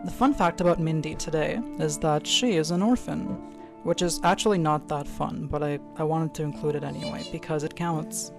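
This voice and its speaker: A woman's voice: sits low, moderate pace, creaky, music in the background. A woman in a tabletop game, chatting casually and swearing freely. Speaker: player. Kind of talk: casual chat.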